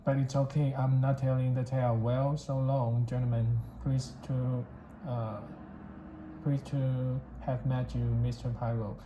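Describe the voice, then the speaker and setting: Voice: medium pitch, level tone, unhurried, natural voice. A reader voicing a chatty, offhand middle-aged American businessman in a storybook reading, in an echoey room. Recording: echoey room, faint background hiss.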